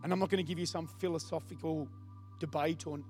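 A pastor preaches in a high voice with fairly even intonation, brisk and conversational in a loose way. Soft music plays faintly as he reads scripture aloud and keeps questioning the congregation.

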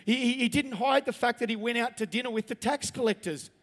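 Briskly and in a very high voice, a man gives a chatty, joking sermon and questions his audience. It echoes with the long reverb of a large hall.

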